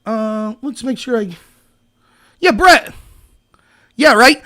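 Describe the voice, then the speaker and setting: A man's voice: very high voice, big pitch swings, slow pace, pauses often, sharp tone. A man hosting a political livestream, ranting heatedly and sarcastically while arguing with viewers in his chat. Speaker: show host.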